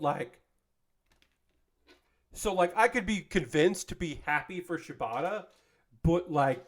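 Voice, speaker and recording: A man in his thirties hosting a casual livestream, ranting with passion and heavy profanity, repeating and restarting his sentences. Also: on the high side. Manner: repeats himself and restarts often. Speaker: livestream host.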